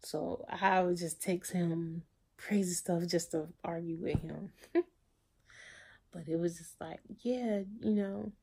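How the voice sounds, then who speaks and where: A woman in her thirties speaking in a personal video diary, emotional and halting, often repeating herself. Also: lowish voice, fairly even intonation, gravelly, dark tone, breathy edge. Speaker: vlogger.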